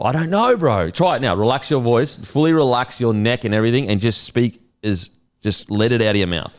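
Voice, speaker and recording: A man's voice: mid-range voice, expressive, fairly quick. A young Australian man hosting a podcast, chatting casually in a rambling, sweary, laid-back way. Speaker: podcast host.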